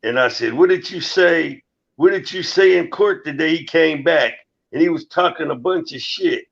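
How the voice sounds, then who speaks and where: A man's voice: on the high side, moderate pace, vocal fry, a bit bright, highs cut off. A middle-aged man telling stories in casual, profane live-stream talk and acting out the dialogue. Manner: storytelling, profane, re-enacting dialogue.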